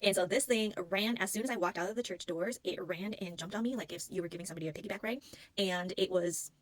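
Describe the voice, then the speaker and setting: Fast-talking woman recounting a hypnosis session. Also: medium pitch, dry recording, poor audio. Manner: earnest, rambling, searches for words. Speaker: spiritual healing practitioner. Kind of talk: casual personal storytelling to camera.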